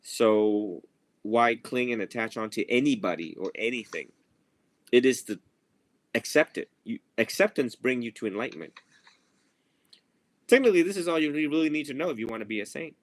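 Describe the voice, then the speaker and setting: Over a video or phone call, a man who is a Buddhist monk gives a relaxed, playful dharma talk to a group, laughing a lot and imitating his students. His voice is medium in pitch and expressive, at a moderate pace with long pauses and no echo.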